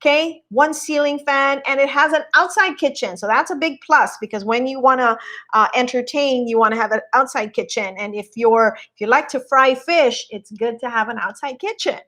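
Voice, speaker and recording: A woman's voice: sits high, moderate pace, fairly bright tone. A woman host on a casual live stream, walking viewers through a home listing in a chatty, admiring way and greeting viewers as she goes. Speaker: real estate agent hosting a live stream.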